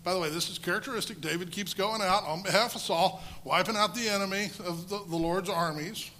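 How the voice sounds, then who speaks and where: A man preaching a sermon, telling the story with lively energy and rhetorical questions. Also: high-pitched, fairly quick, slight background noise, low-quality recording.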